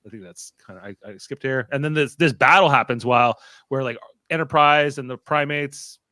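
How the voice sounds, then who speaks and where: A podcast co-host walks through an episode in a loose, chatty way, slipping into characters' lines. His voice is bright and pushing, and the sound is dry with no room to it. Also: medium pitch, a little fast, no echo. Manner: retells scenes and acts out characters' lines. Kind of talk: casual episode recap.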